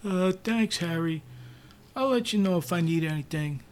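A man's voice: high voice, moderate pace, pitched above the performer's own voice, close to an everyday voice. A man doing an awkward, hesitant new boss. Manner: hesitant, full of "uh" and "um".

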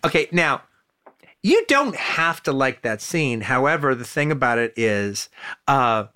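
Man, podcast host, excitable, lively swooping delivery, bright tone, lots of "uh"s. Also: medium pitch, measured pace, clear, resonant tone. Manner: animated, excitable, many "uh" fillers, swearing. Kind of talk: casual film discussion.

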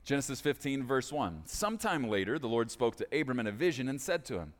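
A man, a pastor, preaching a sermon in a church, with lively, playful storytelling and casual asides. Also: medium pitch, fast talker, hardly any pauses. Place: church sanctuary. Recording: echoey hall reverb.

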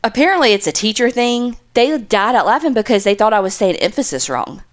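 A woman co-hosting a podcast in casual chat, talking in a chatty, animated way. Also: fairly high pitch, fairly quick. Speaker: podcast co-host.

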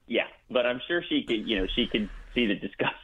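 A man's voice: medium pitch, brisk, slightly rough. A young man calling in to a radio show, laughing nervously and apologizing as he talks. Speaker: caller. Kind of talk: phone-in chat. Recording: tinny phone line.

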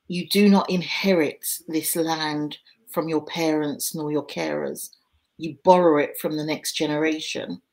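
A woman with a notably low voice talks as a guest on an interview show. Her delivery is earnest and reflective, with unhurried phrasing as she explains her views. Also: rough recording. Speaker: podcast guest. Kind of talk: conversational interview.

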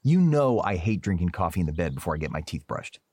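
An actor playing an anxious, cranky middle-aged husband who narrates in an old-time radio drama. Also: male voice, low-pitched, big pitch swings, fast, darkish tone, no room sound, clean studio sound. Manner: tense, brooding, defensive.

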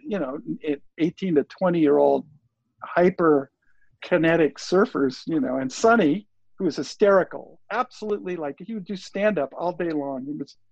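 Older man, interview guest, raspy fry-edged voice, slightly high, rambling animated anecdote, dry muffled lo-fi sound. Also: normal speed, no room sound. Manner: rambling, animated, acts out quoted dialogue. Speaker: interview guest, surf filmmaker. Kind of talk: casual storytelling. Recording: dull lo-fi audio.

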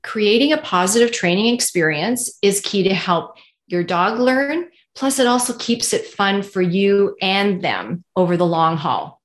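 A woman co-hosting a relaxed podcast. She speaks thoughtfully and conversationally, and draws on her own experiences. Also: mid-range voice, measured pace. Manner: thoughtful, sharing personal examples.

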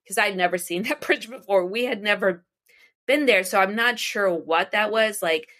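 Speaking at normal speed in a mid-range, slightly bright voice, this U.S. astrologer and psychic medium, a middle-aged woman, recounts stories from her life in a relaxed interview. She wanders off track, restarting sentences and laughing.

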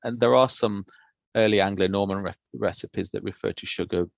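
A man, a food historian, explaining old recipes in a thoughtful, unhurried podcast conversation. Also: fairly low pitch, steady tone, creaky, no echo, highs cut off.

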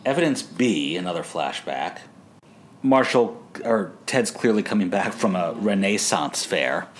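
Low-voiced man, animated recap chatter. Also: a little slow. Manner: animated, laughing, acts out quotes in funny voices. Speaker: podcast co-host. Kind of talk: casual TV episode recap chat.

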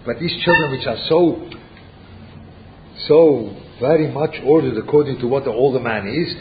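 A man's voice: mid-range voice, normal speed. Man lecturing with rhetorical questions. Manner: rhetorical questions, repeats himself, mixes Yiddish and Hebrew terms into English. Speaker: rabbi teaching a Torah class. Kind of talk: Torah class lecture. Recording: muffled lo-fi recording with faint background noise.

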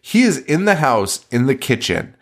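His medium-pitched voice has big pitch swings and vocal fry, at a normal speed. He's a podcast host chatting casually through a movie recap, profane and laughing with incredulity.

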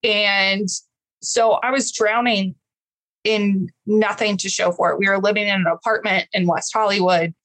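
A woman from Texas in her thirties tells her own story as an interview guest. She speaks in an earnest, emotional way at an ordinary pitch. The sound is close and dry, with no room around it. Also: steady tone, a little slow, fairly bright tone, no echo, low-quality recording. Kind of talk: candid personal story in an interview.

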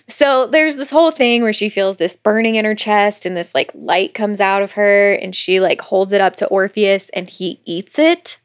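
A woman co-hosting a podcast, retelling a novel's plot in a casual chat with quick quoted asides, swearing and laughter. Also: medium pitch. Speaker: podcast co-host. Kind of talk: casual book recap chat.

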